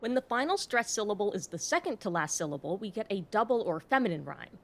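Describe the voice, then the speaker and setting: A woman's voice: mid-range voice, big pitch swings, quick pace. Woman narrating an explainer with wry asides. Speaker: host. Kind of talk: scripted educational narration.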